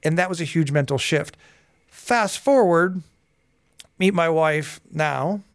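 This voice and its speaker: A man in his forties, a guest on a podcast interview, telling personal stories in a lively way and acting out the dialogue. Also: a little high, takes it slowly, clear, resonant tone, no echo, clean studio sound. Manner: lively storyteller who acts out dialogue. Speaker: guest, hypnotherapist and coach.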